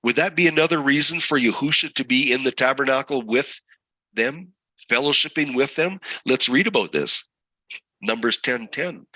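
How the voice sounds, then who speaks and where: A man's voice: mid-range voice, moderate pace, bright, forceful tone, dry recording, poor audio. A man teaching a scripture study lesson as a Bible teacher, asking his listeners one rhetorical question after another.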